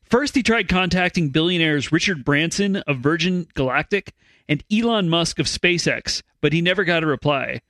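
A man's voice: fairly high pitch, expressive, moderate pace, pushed and bright, no room sound. A man co-hosting a comedy news podcast, reading stories aloud with jokey asides.

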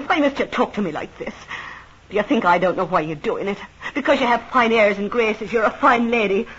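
A woman's voice: medium pitch, moderate pace, husky, highs cut off, close to an everyday voice. Kitty, a woman playing a fierce devoted tavern girl. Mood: accusing. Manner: fierce, jealous, emotional. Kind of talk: old radio drama acting.

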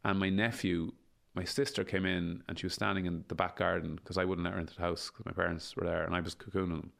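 Guy in his 40s, low gravelly voice, repeats stuff for emphasis, swears a lot. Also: flat delivery, fast talker, fairly bright tone. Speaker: interview guest. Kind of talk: casual conversational interview.

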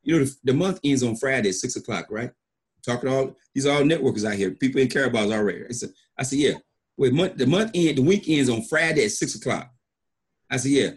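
A man's voice: medium pitch, lively intonation, fast talker, slightly rough. A middle-aged man, a network marketing leader, giving an emphatic motivational talk and acting out stories with repeated phrases. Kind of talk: motivational storytelling.

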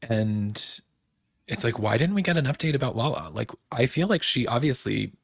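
A young man with a mid-range, creaky voice and lively intonation talks at normal speed in a clean studio recording with no echo. Hosting a podcast recap of a reality show, he's chatty and opinionated, acting out quotes and saying "like" a lot.

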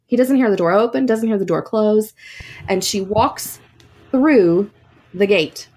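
A woman's voice: medium pitch, a little slow, a little mellow. A woman hosting a podcast, telling a ghost story in a casual, chatty way with many fillers and asides. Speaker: podcast host.

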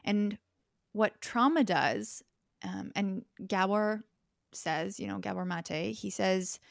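A young woman, a podcast guest, talks things through in a thoughtful, reflective way and builds her points with examples. Her voice sits at a middle pitch and sounds dry and close to the mic. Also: slow pace, vocal fry, dry recording. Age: young adult.

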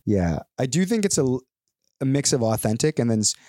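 A man co-hosting a podcast, telling stories in a casual, animated way and acting out the people in them. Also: medium pitch, a little fast, no echo, studio quality. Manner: animated storyteller who acts out the people in his stories. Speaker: podcast co-host. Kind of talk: casual chat.

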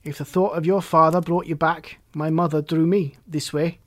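A man reading the part of a wistful, remorseful grown man, speaking in a measured, reflective way. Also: fairly high pitch, fairly even intonation, natural voice.

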